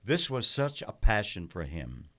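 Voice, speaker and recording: Older man, lively storyteller. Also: on the low side, unhurried. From South Philadelphia. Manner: animated storyteller who acts out quoted voices. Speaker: podcast host. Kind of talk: casual storytelling chat.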